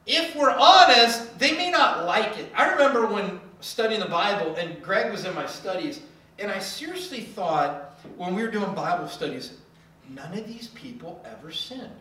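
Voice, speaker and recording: A preacher delivers a sermon with a bright, clear tone, acting out quoted voices with playful humor. The voice sounds far from the mic, in a large, very echoey hall. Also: medium pitch.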